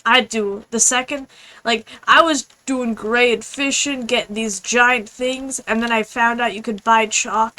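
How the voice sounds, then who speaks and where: A young woman streaming a game, chatting casually in a rambling, fast, apologetic way. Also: on the high side, sharp tone, a little hiss or hum, low-quality recording. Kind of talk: casual gaming stream chat.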